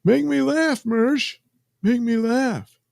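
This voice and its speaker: A man puts on a petulant man-child who shrieks and whines at a rival in a voice pitched far above his natural one. The voice is thin, nasal-high and rasping at the edges. It is dry and close. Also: fairly even intonation, extremely slow, dry recording, heavily acted. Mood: shrieking. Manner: high, whiny, yelling.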